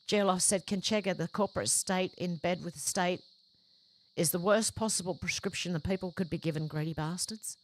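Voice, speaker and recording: A woman's voice: on the low side, fairly quick, a little hiss or hum. A woman hosting a livestream, reading out viewers' chat comments one after another and adding short conversational reactions of her own. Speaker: livestream host.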